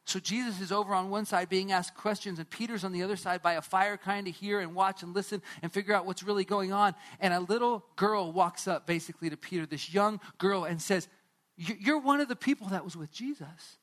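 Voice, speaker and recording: High-voiced pastor telling a story. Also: male voice, steady tone, brisk, few pauses, fairly bright tone. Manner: storytelling, dramatic, direct to listeners. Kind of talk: sermon.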